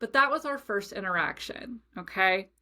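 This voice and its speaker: A woman's voice: mid-range voice, normal speed. Chatty woman telling a story. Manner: chatty, animated storytelling with many asides and fillers. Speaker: podcast host. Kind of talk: casual storytelling monologue.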